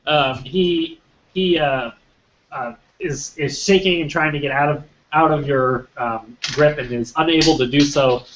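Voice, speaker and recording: A man running a tabletop game as game master, describing scenes with many pauses and restarts. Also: fairly high pitch, fairly bright tone, highs cut off, slight background noise. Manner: hesitant, many ums and restarts.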